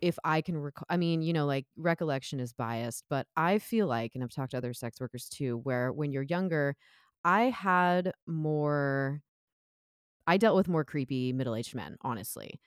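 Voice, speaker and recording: A woman's voice: low-pitched, expressive, normal speed, clean tone, no echo, clean studio sound. A woman hosting a podcast, talking candidly and playfully and laughing often. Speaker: podcast host. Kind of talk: casual podcast chat.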